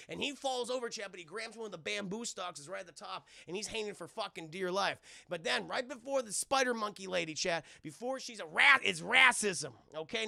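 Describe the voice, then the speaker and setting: Male streamer, high pitch, heavy vocal fry, bright tone, dry close sound, animated profane film recap. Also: no echo. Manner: animated and profane, acting out characters' lines with shrill squeals; talks straight to his chat, thanking viewers.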